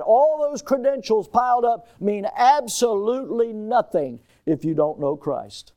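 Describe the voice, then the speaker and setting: A middle-aged male pastor preaching a sermon in a church, with emphatic delivery that slows and rises on quoted scripture. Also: high voice, lively intonation, mellow. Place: church sanctuary.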